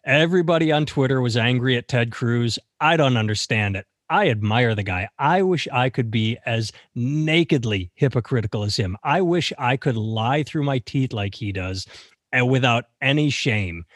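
A man's voice: lively intonation, moderate pace, no echo, clean studio sound. A man co-hosting a casual comedic news podcast, sarcastic and crude, his voice jumping up when he mocks. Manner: sarcastic, swings high when mocking. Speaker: podcast co-host.

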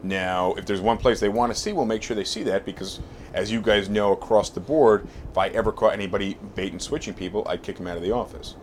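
A man hosting a team chat at his real estate agency, talking in a relaxed, plain-spoken way and explaining at length. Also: on the low side, quick pace, a little hiss or hum. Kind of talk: casual group chat, then workplace talk.

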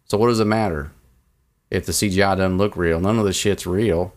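Deadpan low-voiced man cracking quips. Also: fairly quick. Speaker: podcast co-host. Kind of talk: casual chat.

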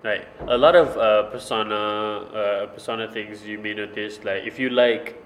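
A man with a fairly low voice hosts a relaxed conversation. He explains at length, often repeating himself while he thinks. Faint background noise sits under the recording. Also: moderate pace, echoey room, poor audio. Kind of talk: casual chat about stand-up comedy.

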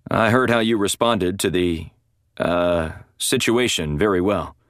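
A man voicing a deliberate, courteous prison warden who speaks in a measured way. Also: deep voice, a bit bright, no echo, studio quality.

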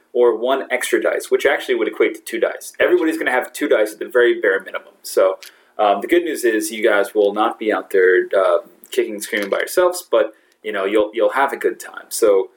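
A man narrating a tabletop role-playing game as game master, laughing often and restarting sentences. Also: on the low side. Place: brewery.

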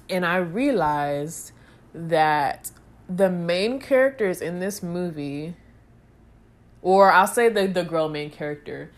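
A young woman chatting casually to her viewers, rambling with goofy asides. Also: on the low side. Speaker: vlogger. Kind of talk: casual chat to camera.

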